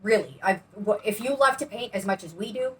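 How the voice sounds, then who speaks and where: A woman with a mid-range, fairly bright voice speaks expressively and at a fairly quick clip. She co-hosts a painting channel, chatting in a bubbly, rambling way as she demonstrates paint pouring. The mic is distant, with faint background noise.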